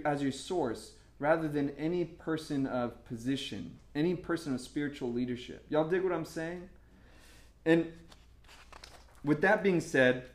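A man preaching a casual sermon, chatty and full of fillers and repeated words, bursting into excitement as he tells stories. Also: on the high side. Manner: storytelling with sudden excited outbursts. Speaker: pastor.

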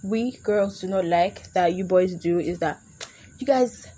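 A woman's voice: on the low side, measured pace, dark tone, breathy edge. A young adult woman hosting a casual comedic podcast, chatty and laughing often as she slips into put-on voices. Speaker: podcast host.

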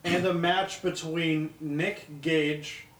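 A man's voice: a little high, fairly even intonation, slow, a bit bright, recorded from a distance. A man with a slightly raised voice who cracks jokes and stumbles through announcements with hesitant ums, sitting in on a casual podcast. The room is echoey. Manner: jokey quips, hesitant ums. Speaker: podcast co-host. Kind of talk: casual chat, reading announcements.

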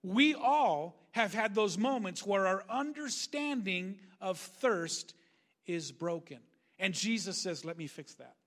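Brief: man preaching a sermon, higher voice, animated, acts out the voices he quotes. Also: slow pace. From Northern California. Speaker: pastor.

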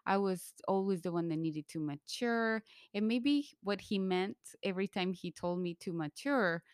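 A woman from Colombia telling a candid personal story in conversation, lively when she quotes others. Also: medium pitch, moderate pace, clean tone, dry recording, clean studio sound.

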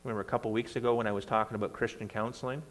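Animated preacher in a reverberant church. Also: male voice, on the low side, rapid-fire. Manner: conversational, animated reading of scripture with bursts of emphasis. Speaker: pastor. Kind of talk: sermon. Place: church sanctuary.

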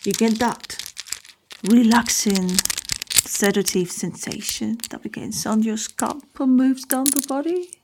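A woman's voice: a little high, unhurried, background noise. A woman hosting a casual solo talk, rambling and often correcting herself.

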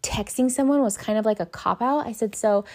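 A young Southern Californian woman hosts a podcast, her voice fairly high, a little fast and slightly mellow. She tells a personal story in a casual, animated way, swearing and acting out her own panicked lines.

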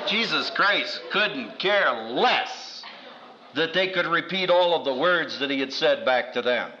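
Animated high-voiced preaching professor. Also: male voice, unhurried, highs cut off, noisy background. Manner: animated storyteller who acts out quotes with big pitch jumps; wry humor. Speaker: seminary professor. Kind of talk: lively Bible teaching to an audience.

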